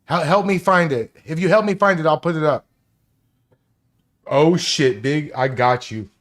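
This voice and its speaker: A man hosting a live stream, excitable and profane, talking over himself as he scrambles to find and play a clip. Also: on the high side, a little slow. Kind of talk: casual live stream chat.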